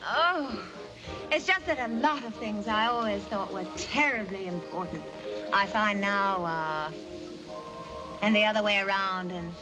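A woman's voice: mid-range voice, unhurried, music in the background, natural voice, rough recording. A woman playing a spirited young society woman in 1940s film acting, with a mid-Atlantic accent and lilting, theatrical phrasing. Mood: giddy.

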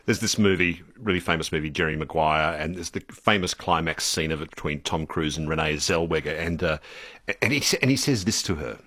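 A man hosting an interview, asking probing, playful questions in a relaxed conversational way. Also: very deep voice, brisk. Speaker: interview host.

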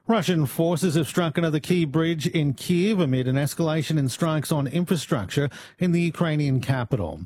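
A male newsreader with a slightly higher voice, reading scripted bulletin items in an even, measured way. His delivery is steady and formal. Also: husky. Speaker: news presenter.

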